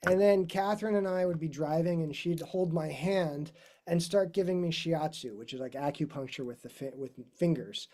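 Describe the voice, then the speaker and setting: A middle-aged man gives a casual career talk as a classical guitarist. His voice is mellow and dark, and he rambles through asides and corrections in an easygoing way. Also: on the high side, normal speed. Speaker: guest speaker, classical guitarist.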